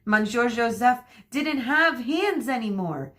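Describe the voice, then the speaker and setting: A woman teacher reading a children's chapter book aloud, her voice fairly high and her pace slow and unhurried. She reads expressively and talks straight to her young students between passages. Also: expressive, fairly bright tone.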